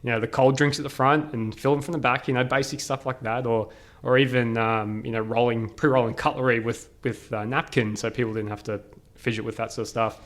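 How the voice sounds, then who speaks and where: A man's voice: medium pitch, fairly even intonation, brisk, fairly bright tone. A man as a podcast guest, telling stories casually and animatedly, laughing often and using many fillers. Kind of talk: casual storytelling interview.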